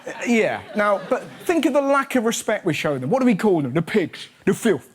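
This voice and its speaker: A man's voice: sits high, big pitch swings, fairly quick, slightly rough. A man hosting a comedy show, delivering a punchy, sarcastic stand-up monologue. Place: TV studio stage. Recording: loud studio audience laughter.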